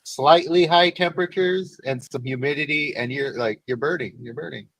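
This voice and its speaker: A man in a casual chat, making quick reactions and jokes. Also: on the high side, fairly bright tone, poor audio.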